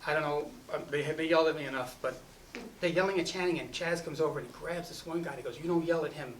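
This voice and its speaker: A man's voice: on the high side, quick pace. A man, a film director at a festival, telling a rambling casual anecdote full of "you know" and restarts. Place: festival event. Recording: distant mic with faint ambient noise.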